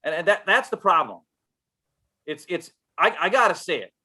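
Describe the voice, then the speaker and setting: A man's voice: high voice, big pitch swings, normal speed, pushed and bright, husky. A man co-hosting a casual sports podcast, telling stories in a frustrated, blunt way. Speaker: podcast co-host.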